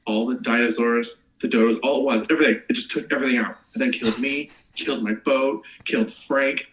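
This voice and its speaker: A man's voice: medium pitch, steady tone, fairly quick, fairly bright tone, a little hiss or hum. A young man co-hosting a gaming podcast, recounting a game mishap in a laid-back, dry way in casual chat. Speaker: podcast co-host. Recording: dull lo-fi mic.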